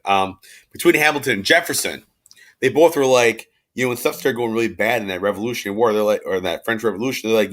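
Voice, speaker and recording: A man with a lowish voice gives a relaxed history lecture to his class. He speaks in a chatty, slangy way and keeps the tone informal, with fillers and restarts throughout. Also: fast talker. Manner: chatty and slangy, acts out quotes in everyday speech. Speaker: history teacher. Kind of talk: casual recorded class lecture.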